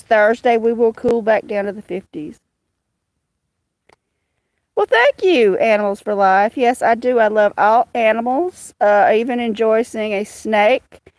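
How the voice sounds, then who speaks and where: Slow-talking woman live streaming. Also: fairly high pitch, a little mellow, no room sound. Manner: slow, chatty, greets viewers by name. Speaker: livestream host. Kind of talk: casual livestream chat. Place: outdoors with cats.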